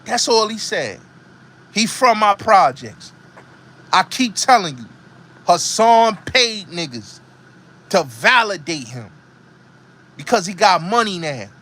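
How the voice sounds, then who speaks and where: A man's voice: high voice, very animated, slow pace, pauses often, bright, forceful tone. A middle-aged man from the Bronx with a New York accent, hosting a show and ranting in a heated, emphatic, repetitive way. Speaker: host. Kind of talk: heated commentary monologue.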